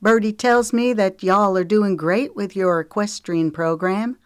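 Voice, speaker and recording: A woman's voice: medium pitch, unhurried, clean tone, no echo, studio quality, voice pushed up, lightly acted. A woman narrator voicing a polite, friendly young divorced mother.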